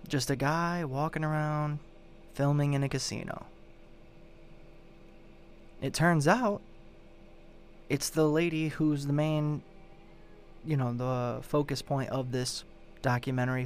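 A man's voice: a little high, fairly even intonation, takes it slowly, long pauses, slight background noise. A man hosting a show, giving a casual, rambling recap of a true-crime story and swearing in exasperation as he goes. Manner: profane, exasperated, rambling retelling. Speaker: show host.

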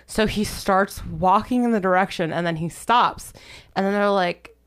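On her podcast, a giggly woman recounts a ghost story in a rambling style, filling it with "like" nearly every few words. Her mid-range voice is clean in tone and she talks at a normal speed.

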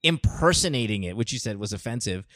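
A man's voice: on the low side, animated, quick pace, a bit bright, no room sound, studio quality. A man in casual chat as a co-host, blunt and swearing freely, mixing English and Tagalog.

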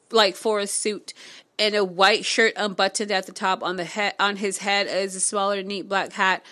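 Bright-voiced woman reading aloud. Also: medium pitch. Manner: animated, swearing, excitable asides. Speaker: book reader vlogger. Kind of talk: casual read-aloud with reactions.

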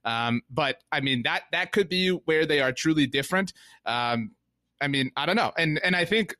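A man's voice: a little high, expressive, normal speed, bright, forceful tone, no room sound. A man co-hosting a sports podcast in a rambling, casual way with many fillers. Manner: rambling, many fillers, mimics players in quotes. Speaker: podcast co-host.

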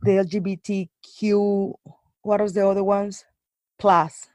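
A woman's voice: mid-range voice, a little slow, dry recording. Chatty woman with dry close sound. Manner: animated storytelling, many fillers and restarts. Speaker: guest. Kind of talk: casual chat.

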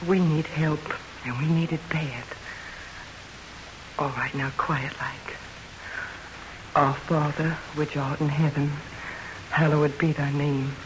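Over background noise, the actress speaks low and slow with long pauses and a steady tone. Playing a blunt, protective frontier mother and widow in an old radio drama, she is determined, menacing and commanding, typical of 1940s radio acting.

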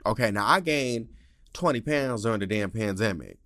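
A man hosting a casual solo podcast, telling stories in a sassy, profane way, with big jumps in pitch and loudness. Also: lively intonation, normal speed, dry recording, studio quality. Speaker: podcast host. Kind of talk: casual monologue.

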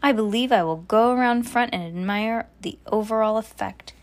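A woman reading aloud and voicing a stern, bossy older woman who shouts in outrage. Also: moderate pace, natural voice. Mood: prim. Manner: shrill shouting.

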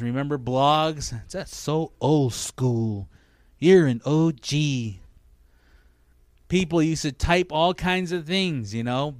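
A middle-aged man preaching a sermon as pastor, with emphatic, repetitive, drawn-out phrasing. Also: a little high, fairly bright tone, clean tone, dry recording, clean studio sound.

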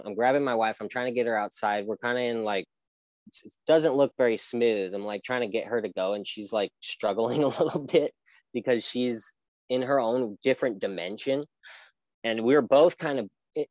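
A young man appears as a guest on an interview show, sharing a personal story earnestly and ramblingly, with many restarts. His voice is on the low side, and the audio is poor though free of room sound.

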